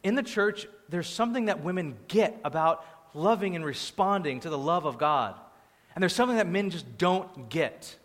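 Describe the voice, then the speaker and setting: A man preaching a sermon as the pastor, animated, acting out quoted voices, moving between loud bursts and quiet asides. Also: sits high, normal speed. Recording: long hall reverb.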